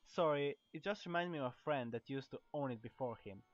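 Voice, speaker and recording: A man's voice: mid-range voice, a little fast, no echo, natural voice. A man with a Croatian accent voicing a gossipy, chatty female weapon shopkeeper in a game, reading her lines with stumbles and restarts. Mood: wary. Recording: dull lo-fi recording.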